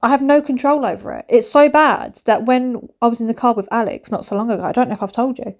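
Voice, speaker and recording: A woman's voice: a little high, quick pace. A woman, chatting animatedly in a home cleaning vlog, dropping to whispers and rising to squeals. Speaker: vlogger. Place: family home.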